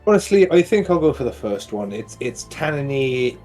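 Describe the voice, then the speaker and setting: A man's voice: mid-range voice, very animated, moderate pace, a little mellow, soft background music. A man playing his character at a tabletop game, chatty and teasing, narrating his character's actions in third person. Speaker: player.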